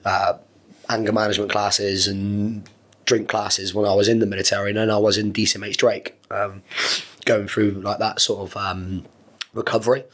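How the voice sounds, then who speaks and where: On the low side and fairly bright in tone, this man keeps his pitch mostly level and his pace moderate. He's a thirtysomething former Marine giving a candid, conversational podcast interview, long-winded and sincere with occasional profanity.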